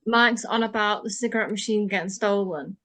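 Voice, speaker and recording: A woman's voice: medium pitch, fairly quick, a bit bright. A woman co-hosting a podcast, chatting casually and chiming in with short agreements. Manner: brief agreeing interjections. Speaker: podcast co-host. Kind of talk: casual chat.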